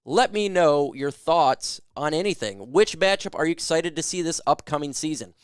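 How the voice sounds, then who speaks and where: A man's voice: a little high, animated, normal speed, clear, resonant tone, dry recording, clean studio sound. Upbeat man hosting a fan livestream. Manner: loose, joking, hyped fan banter. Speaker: sports talk livestream host. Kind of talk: casual live chat answering viewer questions.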